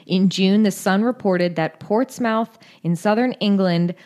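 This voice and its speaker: A woman co-hosting a podcast and reading odd news stories in a relaxed, mid-pitched voice. She talks bluntly, swears casually and breaks into laughter often. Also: unhurried. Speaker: podcast co-host.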